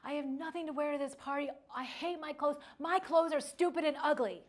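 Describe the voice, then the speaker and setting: A woman's voice: high voice, a little fast, voice pushed up, natural voice. A woman doing a whiny ten-year-old girl. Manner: sulky, complaining.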